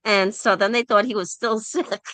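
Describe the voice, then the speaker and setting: A woman's voice: medium pitch, moderate pace, no echo. A woman hosting a casual group discussion over an online call, telling stories and acting out the people in them. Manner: animated storyteller who acts out quoted people.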